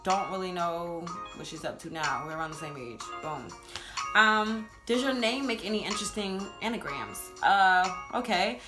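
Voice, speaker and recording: A woman's voice: on the low side, lively intonation, moderate pace, over music. A woman in her twenties with a New Jersey accent, chatting casually in a get-to-know-me video and laughing often. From Louisiana, raised in New Jersey. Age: 20s. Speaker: vlogger.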